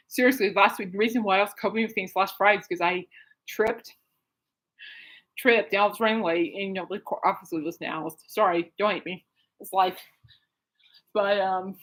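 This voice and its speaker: A woman's voice: mid-range voice, fairly bright tone, low-quality recording. A woman hosting her own podcast, rambling casually through a story with frequent laughs and restarts. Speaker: podcast host. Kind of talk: casual solo podcast chat. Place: at home.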